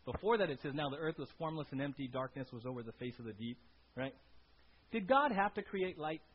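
A man gives a conversational sermon in a fairly high, husky voice. He keeps checking in with the congregation through quick questions. The recording is dull and lo-fi. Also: animated. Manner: conversational preaching, frequent "right?" tag questions. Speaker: pastor. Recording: dull lo-fi sound.

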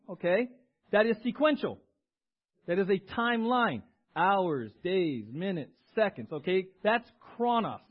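High-voiced animated male preacher. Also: narrow, tinny audio. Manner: animated, calls on the congregation to repeat words. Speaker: pastor. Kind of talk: sermon.

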